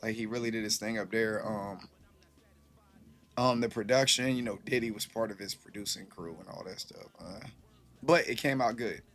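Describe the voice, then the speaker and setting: A man's voice: lowish voice, moderate pace, a bit bright. Loose, rambling man chatting to a stream. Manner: loose, rambling, swears freely. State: a little tipsy. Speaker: live streamer. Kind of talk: casual live-stream chat.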